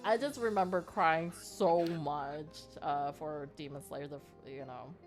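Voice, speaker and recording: A woman's voice: low-pitched, measured pace, soft background music. A woman co-hosting a casual podcast chat, rambling with many fillers and laughing often. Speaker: podcast co-host.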